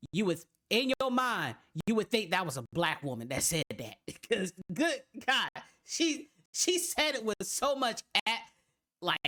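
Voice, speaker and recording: A woman reacts to a video in casual commentary, speaking slowly while her pitch swings all over the place. Her voice is bright and she keeps repeating herself as she works through a thought. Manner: drawn-out, animated, repeating herself.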